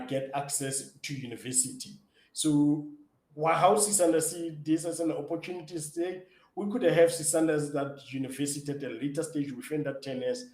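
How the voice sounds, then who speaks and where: A man's voice: medium pitch, reverberant, poor audio. A man, a startup founder, answering interview questions eagerly with lots of fillers and restarts. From South Africa. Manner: eager, excitable storyteller with many fillers and restarts.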